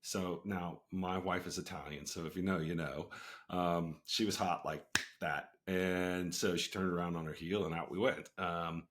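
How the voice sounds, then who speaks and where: A middle-aged man with a very low, deep voice hosts his own show and tells a personal story in a loose, unhurried way. He pads his sentences with casual fillers and little asides as he goes. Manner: relaxed, frequent fillers and asides. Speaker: host, company founder.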